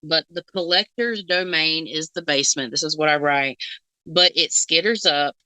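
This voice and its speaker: A woman's voice: sits low, normal speed, bright, forceful tone, clear, resonant tone, dry recording, low-quality recording. A woman co-hosting a casual reaction chat as a psychic, rambling with fillers and frequent giggles. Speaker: psychic co-host.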